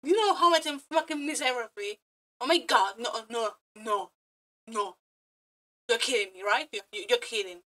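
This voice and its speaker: Bright, high-pitched excitable woman. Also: normal speed. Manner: excitable, swears a lot, laughs often, non-native phrasing. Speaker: streamer reacting to a video. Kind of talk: casual reaction commentary.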